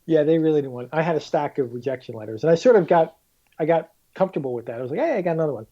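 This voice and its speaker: A man's voice: on the high side, very fast, lo-fi sound. A man guest on a casual podcast, telling stories animatedly and acting out quotes. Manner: animated storyteller, acts out quotes with swearing. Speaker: guest author.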